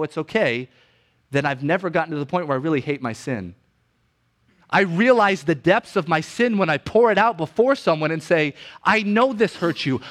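A married man preaching a sermon in a relaxed, conversational way, building intensity on his main points. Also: a little high. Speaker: pastor.

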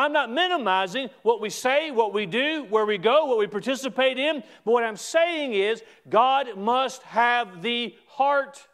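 A man preaching a sermon as a pastor, emphatic, with repeated restarts and stretches where he rises to a shout. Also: very high-pitched, clear, resonant tone.

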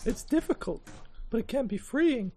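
A man doing a polite, smooth-talking activist contact in a tabletop game. His voice sits high and swings widely in pitch. He keeps a humble, apologetic courtesy. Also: animated, moderate pace, darkish tone, heavily acted. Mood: courteous.

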